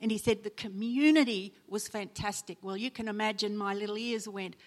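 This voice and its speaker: Speaking fairly quickly at medium pitch, this preacher and chaplain delivers a sermon built on personal stories. She voices the people she quotes, breaking into sudden loud emotional rises.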